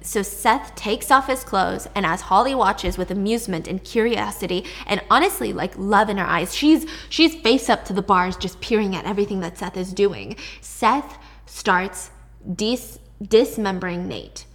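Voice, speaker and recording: A woman hosting a podcast, retelling a story in an animated, casual way. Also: medium pitch, normal speed. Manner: chatty, animated, swearing. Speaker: podcast host.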